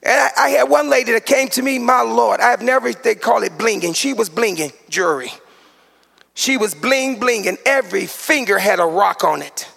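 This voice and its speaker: A man in his forties preaching in a very high, bright, gravelly voice. He rises into sing-song shouted peaks and drops into funny asides. Long reverb from a large church hall hangs behind every phrase. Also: normal speed. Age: 40s. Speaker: pastor. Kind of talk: sermon.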